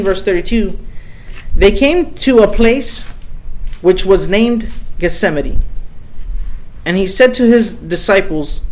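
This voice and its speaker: Man, high voice, preaching a sermon, earnest and emphatic, repeats key phrases. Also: low-quality recording.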